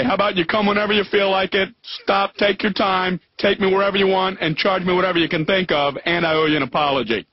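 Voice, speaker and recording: Husky high-voiced man doing stand-up. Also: quick pace, few pauses, no room sound. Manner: animated storytelling, acts out voices. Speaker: stand-up comedian. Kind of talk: stand-up monologue. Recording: dull lo-fi TV audio.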